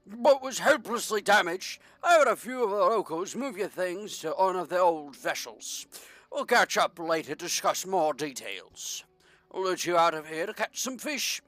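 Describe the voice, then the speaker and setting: A short, officious harbor-town mayor with a put-on British accent, as a man voices him while reading game text. The voice sits well above the reader's own, with big swoops in pitch and a theatrical, slightly distant sound. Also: lively intonation, normal speed, a bit bright, dry recording. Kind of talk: reading game dialogue aloud.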